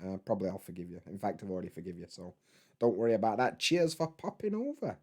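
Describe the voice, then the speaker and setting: A man's voice: low voice, animated, fast talker, darkish tone. A man, hosting a casual live stream from home, rambling in a laid-back way, swearing freely and answering chat.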